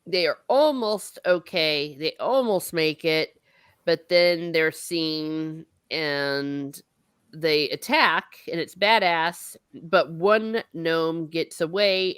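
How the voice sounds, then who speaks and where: Woman host, low-pitched and leisurely, casual plot recaps with the odd swear word. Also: takes it slowly, a bit bright, clear, resonant tone, dry recording, studio quality. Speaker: book discussion host. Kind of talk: casual book discussion.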